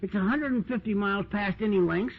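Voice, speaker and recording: High-voiced man telling recovery stories on old tape. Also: fast. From United States. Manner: chatty, says "you know" and "man" often. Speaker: AA speaker. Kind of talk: recovery talk storytelling. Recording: dull lo-fi 1990s tape with hiss.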